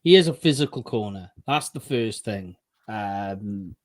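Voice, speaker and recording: A man with a Welsh accent co-hosting a casual fan podcast, quick and cheeky as he winds up his friends. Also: lowish voice, animated. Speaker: podcast co-host.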